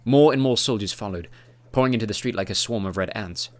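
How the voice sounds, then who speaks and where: Lowish male voice reading a fantasy audiobook, steady and even. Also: quick pace. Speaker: audiobook narrator. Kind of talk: scripted fantasy narration.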